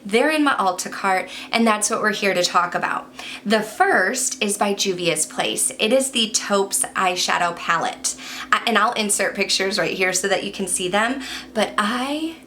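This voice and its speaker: A bubbly young woman from Michigan chats to camera with an easy, upbeat warmth. She talks at a middling pitch for a woman and keeps up a friendly, enthusiastic patter. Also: animated, moderate pace, a little hiss or hum. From Michigan, USA. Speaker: beauty YouTuber. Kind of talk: casual talking-head chat to camera.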